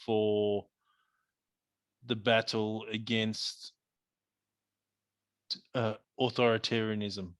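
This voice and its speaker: Laughing, animated male podcast co-host. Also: fairly low pitch, drawn-out words, pauses often, smooth, dry recording. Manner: animated storyteller, laughs often. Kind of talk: casual chat.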